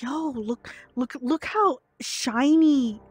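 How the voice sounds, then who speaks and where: A young woman livestreaming a horror game to chat, jumpy and excitable, laughing and gasping as she pleads with her friends. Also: high voice, slow pace, breathy edge, faint music behind. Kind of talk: live gameplay commentary to chat.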